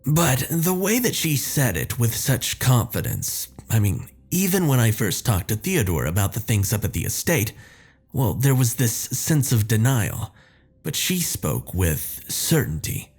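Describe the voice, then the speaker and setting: Slow, husky man narrating horror. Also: mid-range voice, big pitch swings, darkish tone, faint music behind. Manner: measured, descriptive storytelling. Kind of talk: scripted first-person narration.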